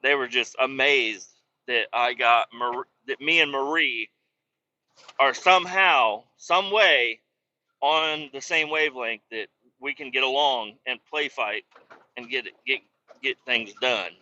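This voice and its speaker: A man's voice: mid-range voice, measured pace, sharp tone, highs cut off. A man, a truck driver, casually telling stories on a vlog from inside his truck cab, chatty and profane.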